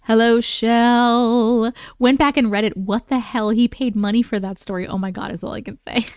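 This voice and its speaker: A fast-talking woman with a medium-pitched voice hosts a livestream, reading viewers' stories aloud and chatting casually with them. She's playful and chatty, with casual swearing. The studio sound is clean with no echo.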